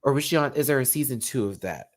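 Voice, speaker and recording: A man's voice: medium pitch, expressive, fast talker. A man who is feeling unwell and a little out of breath, hosting a casual live stream and affectionately preaching kindness to his viewers. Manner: affectionate, preachy, calls viewers baby and y'all. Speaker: drag show reviewer and live stream host.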